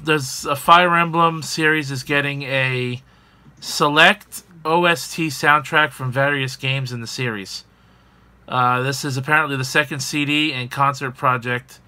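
A man's voice: medium pitch, pushed and bright. A man hosting a casual gaming news podcast, rambling with fillers and jokes. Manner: rambling, filler-heavy, joking. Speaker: podcast host.

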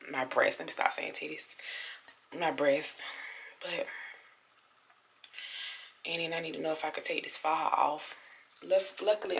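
Low gravelly-voiced woman vlogging after surgery. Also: fairly bright tone. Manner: chatty, talks straight to viewers as y'all. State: sore, recovering after surgery. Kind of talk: casual vlog talk to camera. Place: hotel room, indoors.

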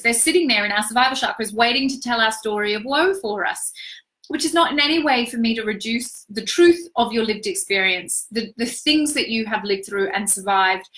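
Woman, intuitive reader; higher voice, bright and forceful; emphatic, flowing, affirming delivery. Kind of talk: live spiritual reading session.

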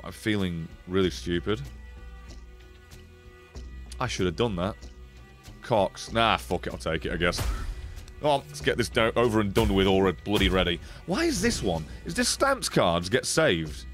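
Now his voice sounds deep, at normal speed with frequent pauses, as he curses casually through the card game stream and addresses his chat. Faint music runs underneath.

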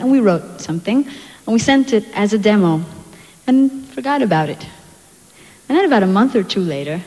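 A woman singer telling a playful, quick story to a concert audience from the stage. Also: fairly low pitch, warm tone. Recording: live hall with echo and music.

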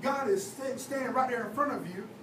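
A man's voice: very high-pitched, fairly quick. A young man, a youth leader, preaching a sermon in a casual, conversational way with lots of fillers. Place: church hall. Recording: echoey church hall, taped from far off with noise.

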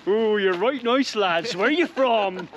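A man's voice: sits high, lively intonation, unhurried, dull audio, a crowd in the background, pitched above the performer's own voice. A man voicing a chatty middle-aged woman who runs a cafe, with a northern English accent, fussing over her customers. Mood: fussing cheerily.

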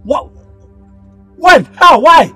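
Male actor as a Nigerian keke driver: high, quarrelsome, shouting; film score underneath. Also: animated, a little fast, husky, no room sound, soft background music, exaggerated voice. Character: hot-tempered keke driver, a grown son. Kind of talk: Nollywood film acting.

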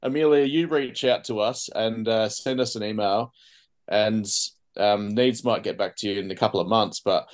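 Man, low pitch, hesitant, podcast co-host, casual. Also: normal speed. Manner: thoughtful, lots of ums. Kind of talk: casual chat.

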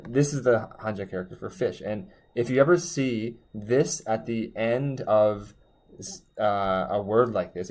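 Man, lowish voice, casual language teacher, chatty, self-correcting. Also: darkish tone. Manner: chatty, self-correcting, drawn-out words while writing. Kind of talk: casual explainer lesson. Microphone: desk mic while drawing on a tablet.

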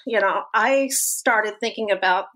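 A woman in her sixties, a guest on an interview show, telling stories in an animated way and laughing often. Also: mid-range voice, unhurried. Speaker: guest, college activity instructor. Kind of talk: casual interview talk.

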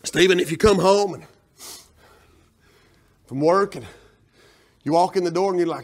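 A man preaching a sermon as pastor, telling folksy stories in a loud, animated way. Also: sits high, normal speed.

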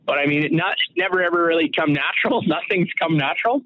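A man's voice: a little high, fast. A middle-aged man from Saskatoon, a former hockey player guesting on an interview and telling stories in a rambling way, full of fillers and restarts. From Saskatoon, Canada. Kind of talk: casual storytelling interview. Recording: tinny phone-like line, dry.

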